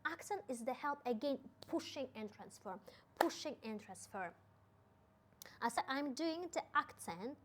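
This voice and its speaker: A woman's voice: sits high, expressive, unhurried. A young woman with a Kazakh accent explaining piano octave technique, counting out the hand actions aloud as she demonstrates. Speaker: piano teacher.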